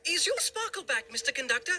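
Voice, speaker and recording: A man voicing a cheeky, cheerful young male tank engine that calls out excitedly. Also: very high-pitched, quick pace, slight background noise, voice pushed up, heavily acted. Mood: chirpy. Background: music.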